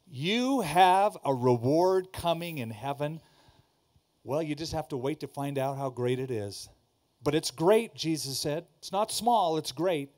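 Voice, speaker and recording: A pastor preaching to a congregation, emphatic, repeating key lines and asking the audience questions. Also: male voice, a little high, darkish tone. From Southern California. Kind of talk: sermon. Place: church before a congregation.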